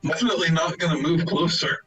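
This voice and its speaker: A man's voice: fairly high pitch, fairly even intonation, fast talker, a bit bright, soft background music, rough recording. A man playing a tabletop game, laid-back, reading out his rolls and spells. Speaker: player.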